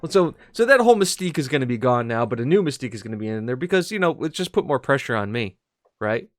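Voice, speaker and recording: In studio-quality audio with no echo, a man talks quickly in a mid-range voice full of big pitch swings. He's a co-host on a casual video game podcast, rambling hesitantly with frequent fillers and restarts.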